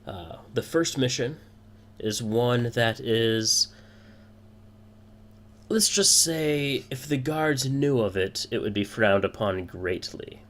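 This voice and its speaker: A man's voice: mid-range voice, slow pace, a bit bright, pitched above the performer's own voice. A man voicing a pompous, boisterous male thieves' guild boss in a tabletop game, speaking in a formal, grand manner. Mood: grandly menacing.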